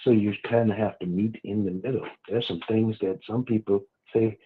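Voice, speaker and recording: A man with a fairly low, husky voice calls in over a tinny phone line. He talks in a folksy, rambling way, circling back and repeating himself. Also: fairly even intonation, moderate pace. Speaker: guest. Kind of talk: casual radio talk.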